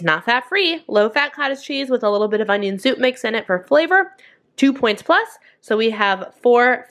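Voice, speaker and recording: Bright, chatty young woman vlogging. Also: mid-range voice. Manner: chatty and upbeat, lots of fillers. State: slightly out of breath. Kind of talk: casual vlog chat.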